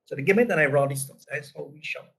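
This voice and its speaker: A man's voice: on the high side, fast talker, creaky, fairly bright tone, low-quality recording. A man from Trinidad with a Trinidadian accent, presenting a business lesson through casual anecdotes and tagging his points with "right?". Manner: conversational, frequent "right?" tags.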